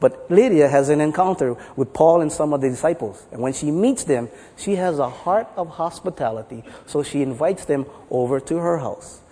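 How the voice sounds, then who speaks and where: A male pastor preaches in a playful, storytelling way, his fairly high voice rising and falling a great deal. The sound carries a long echo, as in a large hall. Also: expressive, normal speed, hardly any pauses, warm tone. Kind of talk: sermon with jokes.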